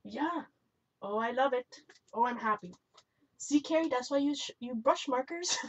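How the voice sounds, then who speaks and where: This time her voice is high and animated at an ordinary speed, with background noise behind it. She hosts a live stream, crafting and chatting loosely, laughing, correcting herself often, and responding to comments out loud, all in a dull lo-fi recording.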